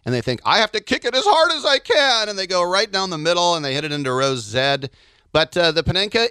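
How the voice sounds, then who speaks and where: A man co-hosting a podcast, telling animated stories in casual chat and slipping into silly voices. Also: mid-range voice, clean tone, no room sound, studio quality. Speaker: podcast co-host.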